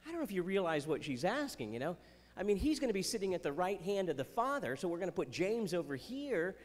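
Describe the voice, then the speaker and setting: A man's voice: high-pitched, big pitch swings, quick pace, big-room sound. A man doing chatty Christian stand-up comedy on stage, with playful jokes and asides. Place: festival stage before a live audience.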